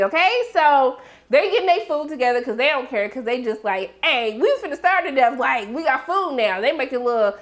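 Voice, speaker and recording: A woman giving a sassy, animated TV episode recap, yelling in bursts and acting out characters' lines, with a sore throat. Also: high-pitched. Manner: sassy, loud outbursts, acts out characters. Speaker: TV recap reviewer.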